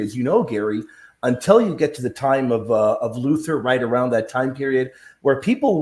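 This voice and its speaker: A man's voice: mid-range voice, a little mellow. Thoughtful man hosting, in an echoey room. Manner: thoughtful, questioning. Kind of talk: casual discussion.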